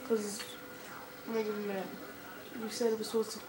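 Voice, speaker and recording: A young woman giving casual gameplay commentary, excitable and quick to swear and yell at the game. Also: mid-range voice, noisy background. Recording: echoey room, far from the mic, music behind.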